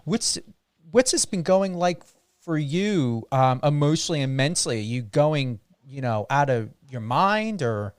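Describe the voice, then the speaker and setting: A man from the United States hosting an interview, chatty with animated asides. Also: a little high, unhurried, clean tone, dry recording, clean studio sound. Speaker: interview host. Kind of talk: casual interview chat.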